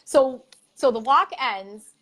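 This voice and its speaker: A woman's voice: high-pitched, expressive, takes it slowly, fairly bright tone, low-quality recording. A woman hosting a casual interview, responding supportively with short affirmations and follow-up questions. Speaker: interview host.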